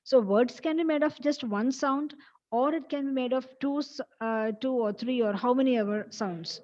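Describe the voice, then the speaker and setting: A woman's voice: high voice, moderate pace, a little mellow, dull audio. A woman teaching a college English class, explaining step by step in a patient lecture style and repeating key points.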